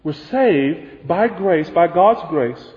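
A man preaching a sermon emphatically, building to forceful peaks and dropping to soft asides. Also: sits high, animated, slow pace. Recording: dull, roomy hall sound.

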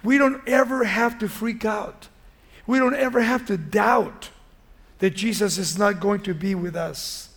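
Male preacher, high and gravelly voice, lively chatty sermon delivery. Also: measured pace. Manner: animated, conversational retelling of a Bible story.

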